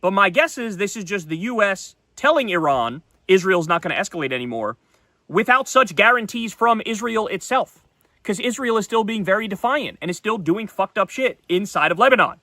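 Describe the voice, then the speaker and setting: A man's voice: high voice, animated, moderate pace, bright, forceful tone, no room sound. A man hosting a solo political commentary show, talking in a blunt, heated, profane way. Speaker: political talk show host.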